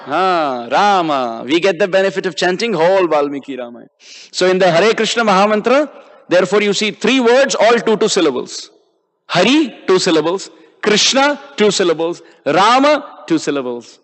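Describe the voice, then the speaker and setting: A man's voice: high-pitched, expressive, moderate pace. A man giving a devotional sermon as a visiting preacher in a temple hall, chanting verses and drawing out syllables.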